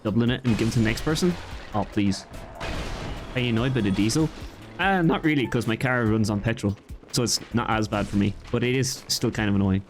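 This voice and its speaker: A man's voice: on the low side, a little fast, over music. Rambling young Irish man streaming games. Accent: light Irish. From Ireland. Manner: rambling, chatty, reacts to chat and the game. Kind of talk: casual gaming commentary.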